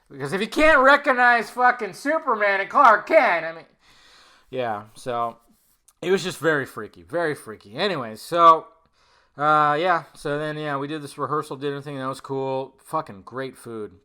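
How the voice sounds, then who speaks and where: Bright-voiced man telling a rambling story. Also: mid-range voice, moderate pace, smooth. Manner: rambling and animated, swears often, acts out quoted dialogue. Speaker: podcast host. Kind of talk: casual storytelling monologue.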